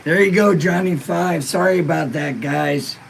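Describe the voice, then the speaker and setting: A man's voice: on the high side, unhurried, creaky, a little hiss or hum, low-quality recording. A laid-back man hosting a live-stream podcast, stoned and in pain, reading viewer comments in a rambling, profane way. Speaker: livestream podcast host.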